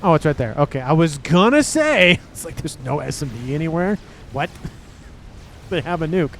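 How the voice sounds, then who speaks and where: A man casting a real-time strategy match, excitable and talking straight to the players. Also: fairly high pitch, moderate pace, a little hiss or hum. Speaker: game caster. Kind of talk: strategy game commentary.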